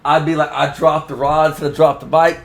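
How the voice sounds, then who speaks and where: A man's voice: a little high, little pitch movement, moderate pace, gravelly, poor audio. Enthusiastic male talk host. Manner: enthusiastic, emphatic. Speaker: host, fishing magazine editor. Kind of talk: casual chat. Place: fishing trade show.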